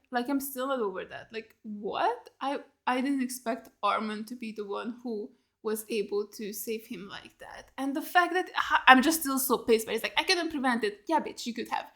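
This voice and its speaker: A woman's voice: fairly high pitch, a bit bright. Exasperated, foul-mouthed woman reacting. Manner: blunt and heavily profane, talking straight at the screen; upset and exasperated, with rhetorical questions and frequent "like". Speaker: YouTube reactor watching a TV series. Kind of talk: casual reaction commentary.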